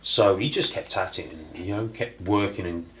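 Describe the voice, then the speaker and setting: A man's voice: low voice, normal speed, a bit bright, a little hiss or hum, poor audio. A man moderating a casual round-table talk, easygoing and encouraging, passing the turn to others.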